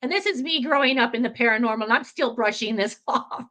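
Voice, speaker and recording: A woman's voice: fairly high pitch, quick pace, fairly bright tone. A woman in her fifties telling a personal story in a casual, rambling way, full of fillers, self-corrections and easy laughter. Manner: laughs easily. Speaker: podcast storyteller.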